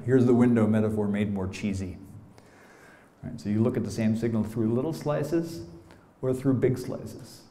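A middle-aged American man lectures in a roomy hall, his voice mellow and dark. He talks loosely and playfully, dropping casual asides as he explains. The room gives his voice a clear echo. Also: medium pitch. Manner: conversational, many "you know" asides, playful. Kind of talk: academic lecture.

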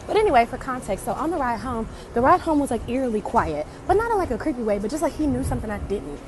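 A woman telling a comic story in a casual, animated, slangy way. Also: on the high side, fast, background noise. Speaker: storyteller in a social media clip.

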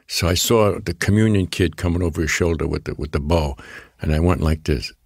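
Guesting in a storytelling interview, an older Bronx-accented actor wanders through anecdotes, frequently starting over and performing the quotes. He speaks a little fast in a deep voice, with no echo on the recording.

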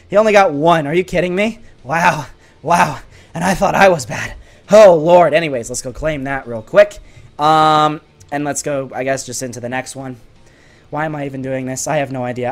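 A young man giving excitable, frustrated commentary over his own gameplay, yelling and trash-talking opponents. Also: a little high. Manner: sarcastic trash talk. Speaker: gaming YouTuber.

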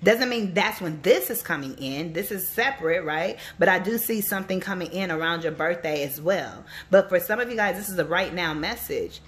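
A woman's voice: lowish voice, normal speed, few pauses. A woman who works as a psychic reader and life coach, talking casually and animatedly to her viewers and telling stories as she gives a reading. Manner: chatty, animated storytelling, addresses viewers directly.

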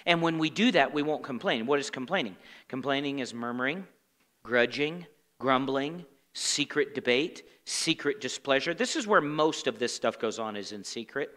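A man teaching scripture from the pulpit, his voice bright and lively, swinging from pointed questions to low, muttered impressions of complainers. The sound carries a long church-hall reverb. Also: normal speed. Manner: asks the congregation fill-in questions, animated and conversational; acts out grumbling complainers in muttered asides. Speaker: pastor. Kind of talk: Bible study sermon. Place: church sanctuary.

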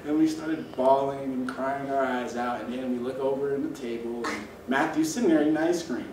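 A man telling a funny childhood story in an animated, laughing way. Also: mid-range voice, a little fast, few pauses. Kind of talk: casual personal anecdote. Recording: echoey room from a distance, noise.

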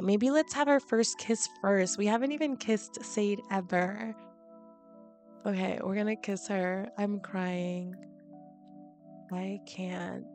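A woman's voice: mid-range voice, darkish tone. A young woman giving casual commentary over a life-sim game, giggly and reactive, laughing and exclaiming often. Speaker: let's play host.

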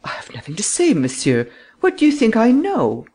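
A man's voice: high voice, wildly swooping pitch, moderate pace, darkish tone, voice pushed up, exaggerated voice. A man doing a nervous, evasive aristocrat. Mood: defensive. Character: anxious aristocratic official, evasive and frightened.

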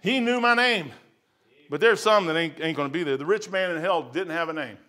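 Pastor, middle-aged man, sermon in a church; bright, forceful, slightly high voice, lurching between hushed and fervent. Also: fast. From United States. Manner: swings from quiet musing to loud fervent testimony. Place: church sanctuary.

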